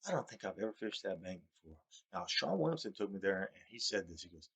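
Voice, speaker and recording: A man's voice: expressive, fast talker, gravelly, hardly any pauses, a bit bright, husky. A man telling rambling stories about fishing trips, repeating himself, chuckling as he goes, and raising his voice to quote others. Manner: raises his pitch when quoting others. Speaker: storyteller recounting fishing trips. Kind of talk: rambling personal storytelling.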